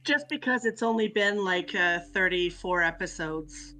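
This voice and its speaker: A woman's voice: fairly low pitch, normal speed, bright, forceful tone, poor audio. A woman in a tabletop role-playing game, chatting casually and laughing between her moves. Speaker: player. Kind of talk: tabletop role-play chat.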